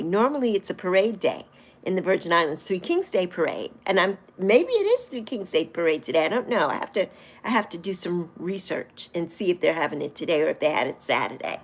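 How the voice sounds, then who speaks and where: Lively, teasing woman in her sixties. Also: fairly low pitch. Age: 60s. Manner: playful, teasing, laughs often; reads and answers live chat comments. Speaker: livestream host. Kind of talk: casual livestream chat with viewers.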